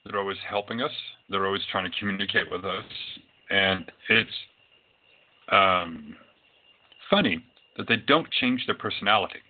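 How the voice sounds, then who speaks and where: A man's voice: low voice, normal speed, a little hiss or hum. A man who works as a psychic medium, telling his own experiences in a loose, rambling way with many fillers. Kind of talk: casual storytelling talk. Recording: tinny phone-like audio.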